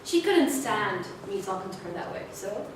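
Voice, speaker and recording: A young woman with a medium-pitched voice tells a playful, animated story in a prepared speech to her club, her pitch swinging widely at a moderate pace. The meeting room is echoey, the mic sits at a distance, and there's background noise.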